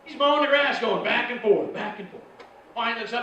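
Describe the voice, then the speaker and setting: Stand-up comic in an echoey club. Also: male voice, very high voice, expressive, fairly quick, fairly bright tone, dull audio, a little hiss or hum. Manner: storytelling, acting out other people's lines. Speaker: stand-up comedian. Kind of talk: stand-up routine. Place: comedy club stage. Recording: echoey club, far mic, crowd laughter.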